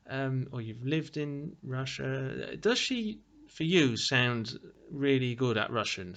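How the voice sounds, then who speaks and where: A man's voice: medium pitch, a bit bright. Chatty man reviewing a film. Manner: chatty, meandering, many fillers and restarts. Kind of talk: casual spoken film review.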